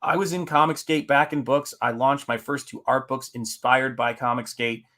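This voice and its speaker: Bright-voiced man chatting on a live stream. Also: mid-range voice, steady tone, moderate pace. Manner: rambling, reads chat aloud with fillers. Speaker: comic artist hosting a live stream. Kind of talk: casual live-stream chat.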